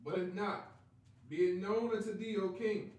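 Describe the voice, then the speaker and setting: A man reading old-style Bible verses aloud, verse by verse, with a fairly high voice. He sits well back from the microphone in a heavily echoing room, so the words sound distant and washed. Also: steady tone, normal speed. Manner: reads steadily, announces verse numbers. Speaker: scripture reader. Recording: very echoey room, far from mic.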